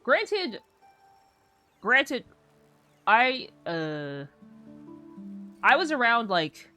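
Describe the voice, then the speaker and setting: Soft music plays behind a young woman game streamer whose high-side voice is very animated, bright and forceful, yet extremely slow. She chats casually as she plays, rambling through stories and using "like" a lot.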